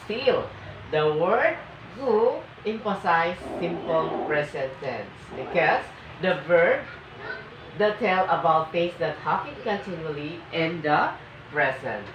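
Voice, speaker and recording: Slow, emphatic woman teaching grammar. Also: on the low side, animated, noisy background. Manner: slow, emphatic reading of example sentences. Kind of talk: classroom grammar lesson. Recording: echoey, muffled room from a distance.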